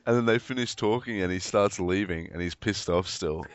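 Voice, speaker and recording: A man's voice: low voice, normal speed, dry recording. A man in casual chat, blunt and swearing, laughing at his own stories. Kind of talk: casual chat about a video game. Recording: dull dry lo-fi recording.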